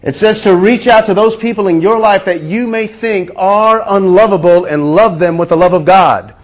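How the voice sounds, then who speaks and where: A man preaching a sermon at a shelter, slow and emphatic, asking the listeners rhetorical questions. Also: sits high. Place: shelter chapel.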